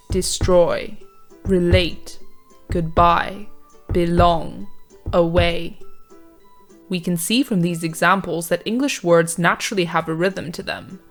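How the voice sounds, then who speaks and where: A woman reading a scripted revision lesson in a measured, clear teaching manner. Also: on the low side. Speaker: revision tutor. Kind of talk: scripted educational narration.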